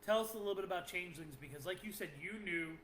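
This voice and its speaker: A man's voice: high voice, fast, a bit bright. A man with a Boston accent co-hosting a podcast, chatting casually, joking and often cutting in. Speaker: podcast co-host. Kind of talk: casual chat. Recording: echoey room with faint noise.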